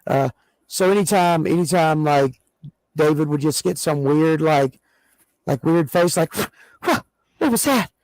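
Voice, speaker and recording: Excitable rambling man, dry sound. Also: a little high, a little slow, no room sound, poor audio. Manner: excitable, rambling storyteller with many restarts. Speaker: co-host. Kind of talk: casual podcast chat.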